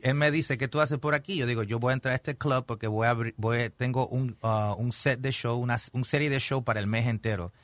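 A male stand-up comedian with a Latino accent, telling stories in an animated, casual way and switching between English and Spanish. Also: mid-range voice, quick pace, hardly any pauses, dry recording. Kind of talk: casual bilingual chat, storytelling.

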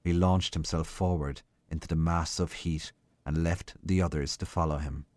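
A man giving a slow, measured literary reading of a short story. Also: a bass voice, steady tone, a little mellow, dry recording. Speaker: reader.

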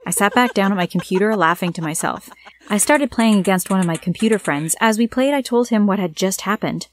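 A woman narrating a scripted first-person story with a plain, steady reading. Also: mid-range voice, brisk, a little hiss or hum.

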